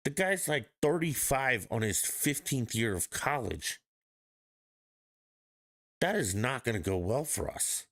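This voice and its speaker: A man's voice: medium pitch, expressive, slow pace, long pauses, fairly bright tone. A man hosting a podcast, ranting bluntly and profanely in casual sports talk. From Denver area, United States. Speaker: podcast host.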